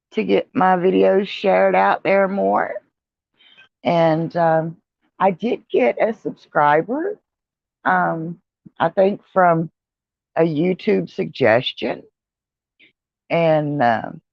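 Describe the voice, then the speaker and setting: A woman's voice: mid-range voice, creaky, no echo, dull audio. A tired woman chatting in a rambling way for her vlog on an outdoor porch. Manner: rambling, chatty, with many fillers and yawns. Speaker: vlogger. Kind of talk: casual vlog chat. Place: outdoor porch with traffic nearby.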